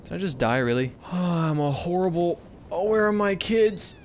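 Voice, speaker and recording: A young man giving casual let's-play commentary, swinging between excited yelps and hushed murmurs, swearing casually and coaxing his in-game kids along. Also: sits high, moderate pace, slight background noise.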